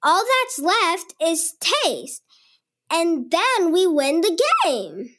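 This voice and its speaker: A woman's voice: very high-pitched, sing-song, drawn-out words, fairly bright tone, exaggerated voice. A woman voicing an eager, cheerful, curious little girl in a children's cartoon. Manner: eager and bubbly.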